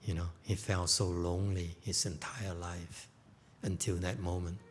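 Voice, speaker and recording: A man gives a Buddhist dharma lecture with a low voice and a slow, unhurried pace. He tells stories informally and keeps asking "okay?" to check that listeners follow. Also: level tone, a little hiss or hum. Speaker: Buddhist teacher. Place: temple lecture hall.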